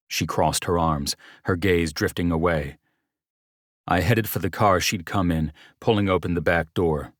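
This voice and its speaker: Very deep-voiced male audiobook narrator. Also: a little slow, no echo, studio quality. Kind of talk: first-person scripted narration.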